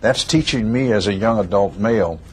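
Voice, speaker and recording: A man's voice: fairly low pitch, normal speed, slightly rough. A man in a documentary interview speaking reflectively and plainly.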